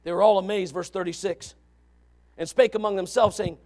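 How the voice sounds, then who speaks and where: A man preaching a sermon, moving from quiet asides to shouted exclamations and reading scripture aloud. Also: high voice, fairly even intonation, brisk. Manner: reads scripture in old-fashioned wording. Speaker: pastor. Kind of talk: fiery sermon.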